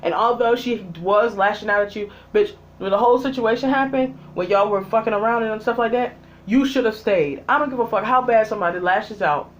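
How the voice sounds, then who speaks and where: The speaker rants in a heated, foul-mouthed way, scolding people who aren't there, with a mid-pitched voice. Loud bursts give way to low grumbles. A faint electrical hum sits under the voice throughout. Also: fairly quick, dull audio. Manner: heated and exasperated, heavy swearing, talks straight at the absent characters; swings between loud outbursts and low muttered asides. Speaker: vlogger reviewing a TV series. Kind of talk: profane angry rant.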